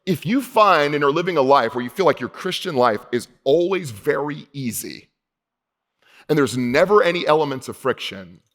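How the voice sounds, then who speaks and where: A male pastor preaching a sermon in a casual, conversational way, slowing down for emphasis and dropping low and quiet on key points. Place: church hall.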